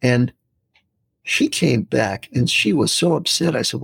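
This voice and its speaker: A man in his sixties, a podcast guest, telling lively stories and acting out quotes in casual talk. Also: mid-range voice, unhurried, vocal fry, slightly rough, dry recording, clean studio sound. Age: 60s. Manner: storytelling, lively, animated quotes.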